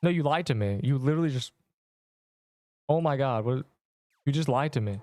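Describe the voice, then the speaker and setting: A man's voice: mid-range voice, animated, normal speed, a little mellow, no echo. A man live-streaming a game, chatting playfully with viewers and joking at his own expense. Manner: playful and self-mocking, reacting to chat. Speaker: streamer playing an online game.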